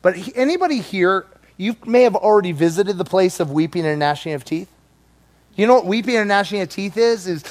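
Male preacher, high and very expressive, playful sermon delivery. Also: brisk. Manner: animated and playful, acting out voices.

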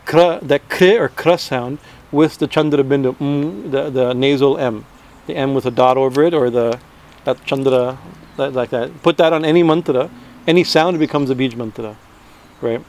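A man's voice: mid-range voice, normal speed, a little mellow. A man giving an informal spiritual talk, conversational, often restarting his sentences and checking in with "right?". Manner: conversational, many restarts, frequent "right?" tags. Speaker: spiritual teacher.

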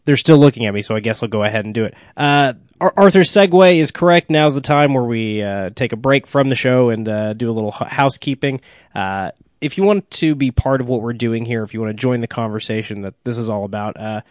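A movie podcast co-host chats casually about films and plugs shows, often restarting sentences and dropping filler "uh"s. He speaks at medium pitch and a fairly quick pace, in clean studio sound with no echo.

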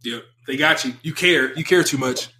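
A man's voice: medium pitch, normal speed, pushed and bright. A young man guesting on a podcast, talking casually and rambling with lots of fillers. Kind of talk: casual chat.

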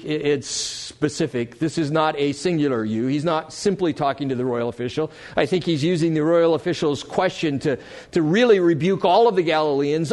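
Animated male pastor preaching. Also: a little high. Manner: animated, swinging from loud emphasis to quiet asides. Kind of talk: sermon. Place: church sanctuary before a congregation.

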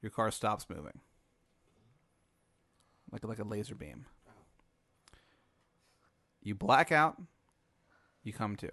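Man, podcast host, rambling, deadpan, improvised comic story, dry close sound. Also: fairly low pitch, slow pace, gravelly, long pauses, dry recording. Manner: rambling, deadpan, many fillers and restarts.

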